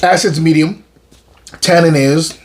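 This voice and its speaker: A man hosting his own show, tasting and reviewing a wine in a relaxed, enthusiastic way and often repeating his words. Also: fairly high pitch, unhurried.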